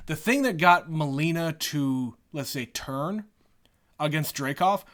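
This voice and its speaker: A man's voice: fairly high pitch, slow pace, fairly bright tone. A man co-hosting a podcast, recapping a movie casually, rambling and restarting often. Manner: rambling, repeats words, many fillers. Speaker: podcast co-host.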